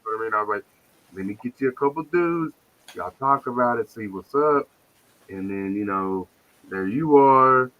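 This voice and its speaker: A man's voice: mid-range voice, expressive, moderate pace. Profane joking man on a lo-fi stream. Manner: profane, loud, joking banter. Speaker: podcast guest. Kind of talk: casual live-stream chat.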